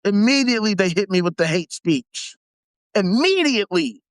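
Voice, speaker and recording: A man with a high-pitched voice rants on a live stream, heated and sarcastic, swearing constantly. His voice sounds close and dry, with no room around it. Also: lively intonation, moderate pace, dry recording. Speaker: livestream host. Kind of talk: angry profane rant.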